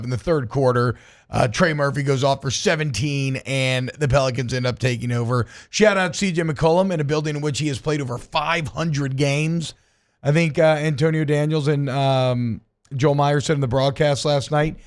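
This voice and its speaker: Joking sports radio host. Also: male voice, on the high side. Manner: rambling, jokey, many restarts. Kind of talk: casual sports radio chat. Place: radio studio.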